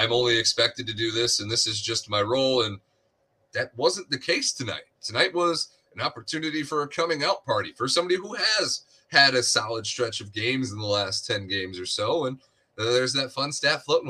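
A man co-hosting a sports podcast, breaking down the game in a measured way with dry humor. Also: medium pitch, lively intonation, sharp tone. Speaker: podcast co-host. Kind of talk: casual sports podcast analysis.

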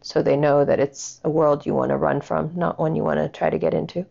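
A woman's voice: low-pitched, little pitch movement, brisk, gravelly, dark tone, dull audio. A woman giving a casual commentary rant, blunt, sarcastic and full of swearing.

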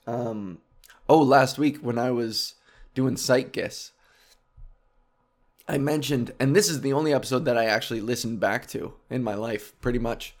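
A man's voice: medium pitch, normal speed. A man talking in a casual comic monologue, rambling and profane, jumping from topic to topic. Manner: rambling, animated, profane, jumps between topics. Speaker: comedian podcast host.

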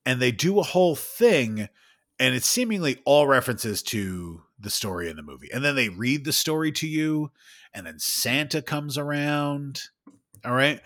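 A man in his thirties co-hosting a podcast, telling an animated, swearing story with lots of laughs. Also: medium pitch, normal speed. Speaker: podcast co-host. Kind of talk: casual chat.

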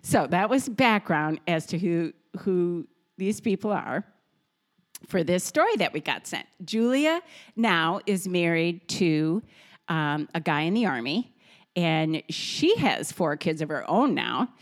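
Laughing, animated woman telling stories. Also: on the low side, slow pace. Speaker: podcast co-host. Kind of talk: casual storytelling. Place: home kitchen.

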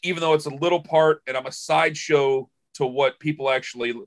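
Emotional, rambling sports radio host. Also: male voice, a little high, steady tone, brisk. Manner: emotional, rambling storyteller with many restarts. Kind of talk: casual podcast conversation.

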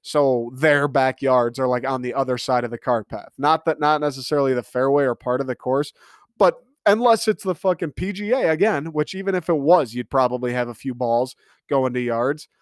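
Smooth-voiced man ranting casually. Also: mid-range voice, moderate pace, no echo, studio quality. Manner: exasperated, profane storytelling. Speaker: storyteller. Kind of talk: casual comedic rant.

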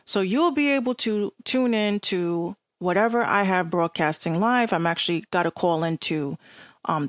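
A woman's voice: medium pitch, no echo, clean studio sound. A woman with a Bronx accent hosting an online radio show, ranting bluntly and profanely in casual talk.

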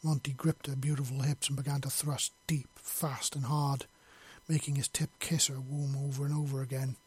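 A man's voice: medium pitch, little pitch movement, moderate pace, slightly rough. A man reading a long fantasy story aloud in an unpolished way, with slips and self-corrections. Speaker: story reader. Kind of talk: reading his own fiction aloud.

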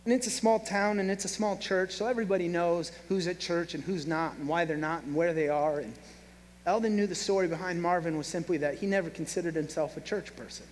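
A man preaching a sermon, telling a story with lively acted-out voices. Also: on the high side. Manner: animated storyteller, acts out quoted voices. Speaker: pastor. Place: church hall. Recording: reverberant hall, faint hum.

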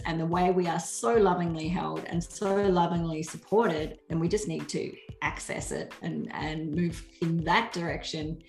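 A middle-aged woman, a podcast guest, telling a personal story in a warm, earnest way and often acting out what people said. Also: lowish voice, creaky, echoey room. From Australia. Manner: warm, earnest, laughs often, acts out quoted speech. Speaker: guest author. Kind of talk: casual storytelling in a podcast interview.

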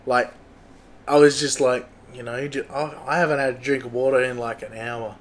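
A young adult Australian man hosting a solo podcast, thinking aloud in a halting, muttering way with a lot of swearing. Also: mid-range voice, little pitch movement. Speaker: podcast host. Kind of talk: casual solo podcast chat.

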